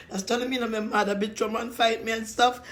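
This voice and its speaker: A woman chatting casually on a live stream while eating, playful and talkative, greeting viewers by name. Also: on the high side.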